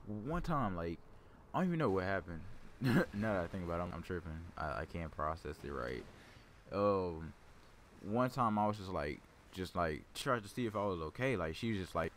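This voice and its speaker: A man's voice: sits low, a bit bright, a little hiss or hum. A man casually telling a rambling story over gameplay, stammering and repeating words. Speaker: gaming video host.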